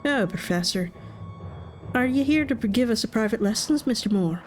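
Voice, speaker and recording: A woman voicing a calm, mocking mob boss who speaks in a slow, mock-polite drawl, reading his lines in a game. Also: a little high, soft background music, close to an everyday voice. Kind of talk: game voice acting.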